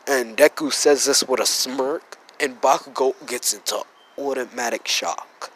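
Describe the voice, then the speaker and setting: A man's voice: mid-range voice, a little slow, fairly bright tone, low-quality recording. A man with a sick voice casually narrating a fan story, rambling and correcting himself. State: sick, rough voice. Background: faint background noise.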